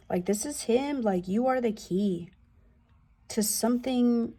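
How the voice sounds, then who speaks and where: A woman's voice: on the high side, expressive, takes it slowly, dark tone, slightly rough. A woman giving a casual tarot reading, loose and profane, with slangy asides and the odd drop into a whisper. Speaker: tarot reader.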